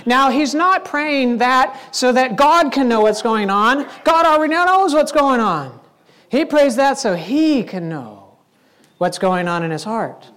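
A man's voice: very high-pitched, animated, unhurried, a bit bright. A man preaching a sermon in a conversational, playful way, acting out little scenes as he goes. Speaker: pastor.

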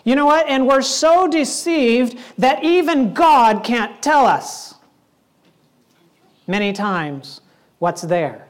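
A man's voice: very high voice, animated, slow pace. A man preaching a sermon in a conversational, playful way, acting out little scenes as he goes. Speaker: pastor.

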